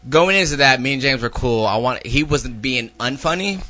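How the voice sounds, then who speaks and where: Bright-voiced man, crude and boisterous. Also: mid-range voice, lively intonation, moderate pace. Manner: crude, profane, boisterous joking. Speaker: guest. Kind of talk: casual chat.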